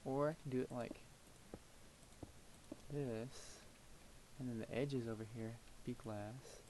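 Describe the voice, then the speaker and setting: Rambling along at a slow pace, this young gameplay commentator talks through his building out loud, his mid-range voice fairly even, often fading to quiet mutters. The background is noisy.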